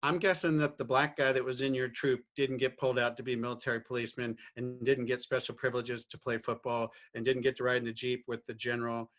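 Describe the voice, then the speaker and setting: A man's voice: medium pitch, flat delivery, fast talker, few pauses, fairly bright tone, lo-fi sound. Reflective middle-aged man, from Virginia. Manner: reflective, with frequent restarts and "right?" tags. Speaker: guest. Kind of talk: candid personal conversation.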